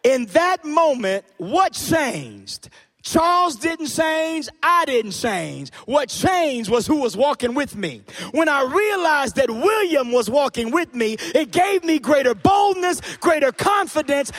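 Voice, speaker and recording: High-voiced emphatic male preacher. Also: very animated, slow, fairly bright tone, some chatter behind. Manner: emphatic, call-and-response preaching. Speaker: pastor. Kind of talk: sermon with personal storytelling. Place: church.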